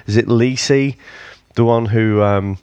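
A man's voice: fairly low pitch, a little slow, a little mellow, smooth, no echo. A man co-hosting a casual film review podcast, wry and swearing, sometimes quoting characters in put-on voices. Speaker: podcast co-host.

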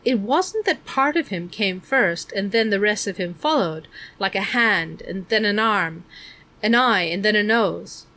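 A woman's voice: medium pitch, expressive, measured pace, bright, forceful tone. Woman narrating a storybook. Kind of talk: audiobook narration.

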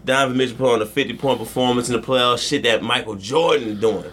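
A man co-hosting a casual sports podcast, joking and swearing as he tells a slow, rambling story. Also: medium pitch, a bit bright, a little hiss or hum. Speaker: podcast co-host.

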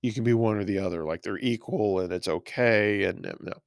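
A man's voice: on the low side, a little fast, creaky, no echo, studio quality. A man, a pastor, teaching a verse-by-verse Bible study in a conversational way, reading scripture aloud and stopping to comment on it. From Texas.

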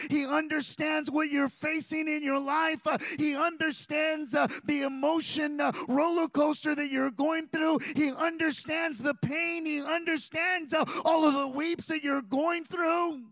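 A man's voice: very high-pitched, fairly bright tone, no echo. A man preaching a fervent sermon outdoors in a park, with many "uh" fillers between phrases.

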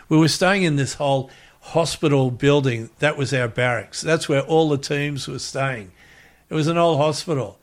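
A man's voice: medium pitch, normal speed. A middle-aged man with an Australian accent, telling a rambling anecdote as an interview guest and acting out the quotes.

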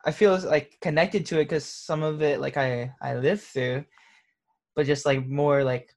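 A relaxed man with a gravelly, fry-heavy voice, talking casually in an interview. He drifts through his answers with lots of fillers and laughs easily. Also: fairly high pitch, unhurried. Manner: laid-back, laughs often, many fillers. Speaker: interviewed musician.

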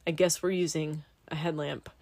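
A woman's voice: low-pitched, moderate pace, no room sound. A young woman, a student pilot, chatting casually and telling stories candidly, with some swearing. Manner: candid, animated storytelling with swearing. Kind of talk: casual podcast chat.

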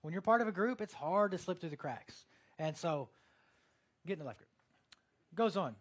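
Guy preaching a laid-back sermon, kinda high voice, talks like he's chatting w/ friends. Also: animated, moderate pace. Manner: casual, chatty preaching with many fillers and acted-out quotes. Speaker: pastor. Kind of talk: conversational sermon.

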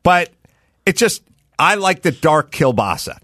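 A middle-aged man hosting a podcast, telling a rambling, deadpan, complaining story in casual chat. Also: fairly high pitch, measured pace, no echo, clean studio sound. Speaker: podcast host.

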